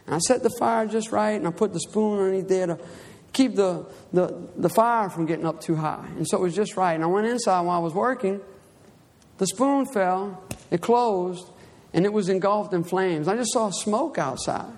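High-voiced preacher in a reverberant space. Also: male voice, normal speed. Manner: animated storytelling, acting out his own cries. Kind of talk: Bible reading and personal testimony sermon.

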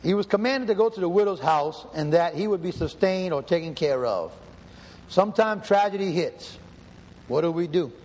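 Animated and high-voiced, this preacher speaks at normal speed with a darkish tone, reading scripture and driving home his points. He repeats and rephrases often and questions the room. Hall reverb and faint ambience surround him.

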